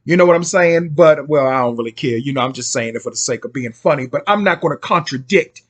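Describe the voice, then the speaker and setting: A man's voice: on the high side, lively intonation, fast talker. A middle-aged man hosting a casual, rambling commentary monologue, full of slangy asides. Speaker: host.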